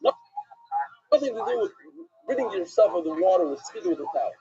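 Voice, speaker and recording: A rabbi leads a live-streamed Talmud class, a man putting questions to his listeners and answering them himself. His voice is high and mellow, with a swooping, animated delivery. The sound is husky and comes through dull, lo-fi stream audio. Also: fast, faint music behind.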